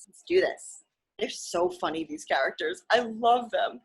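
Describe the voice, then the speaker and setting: A young adult woman hosting a children's story reading, animated and speaking directly to the kids. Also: a little high, unhurried, husky, rough recording. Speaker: sports arena host reading to children.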